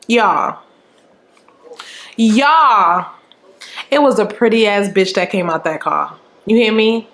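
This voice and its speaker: High-voiced woman telling a lively story. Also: slow pace, pauses often. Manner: animated and profane, acts out scenes with quoted remarks. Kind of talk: casual storytime chat. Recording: roomy echo.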